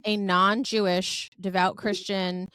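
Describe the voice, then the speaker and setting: A woman's voice: medium pitch, slow, smooth, no room sound. A woman hosting a podcast in casual chat, talking in a chatty, effusive way with plenty of filler words. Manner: lively storyteller who acts out quoted dialogue. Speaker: podcast host.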